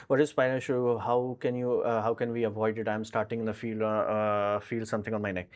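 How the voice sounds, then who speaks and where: A man's voice: fairly low pitch, level tone, fairly quick. Rambling man on a live stream. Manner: rambling, filler-heavy, frank and blunt. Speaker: live stream host answering viewer questions. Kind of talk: casual live Q&A chat.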